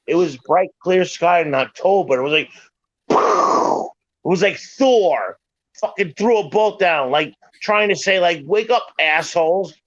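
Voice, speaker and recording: A middle-aged man tells a story in a loose, profane style, hammering home that every word is true. His voice sits a little high for a man. The sound is dry and a bit dull, like a lo-fi recording. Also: a little slow, no echo. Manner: profane, emphatic, keeps swearing it is true. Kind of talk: casual storytelling chat.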